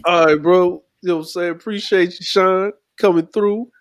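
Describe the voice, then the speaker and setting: A man's voice: high-pitched, steady tone, normal speed, no echo, lo-fi sound. A man hosting a live stream, chatting loosely and laid-back with lots of fillers. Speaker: stream host. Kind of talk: casual live-stream chat.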